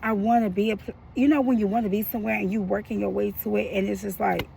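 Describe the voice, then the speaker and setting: A woman's voice: medium pitch, steady tone, fast, gravelly, dark tone, a little hiss or hum, poor audio. A woman in her thirties talking frankly to her viewers in a personal vlog, emotional and slangy, with a frustrated edge. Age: 30s. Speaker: vlogger.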